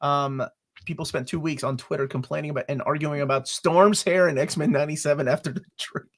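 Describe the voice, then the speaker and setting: A man hosts a relaxed video-call interview, chatting easily and reading out viewer comments. His voice sits a little higher than most men's, and his delivery stays laid-back throughout. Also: fairly quick. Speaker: interview show host.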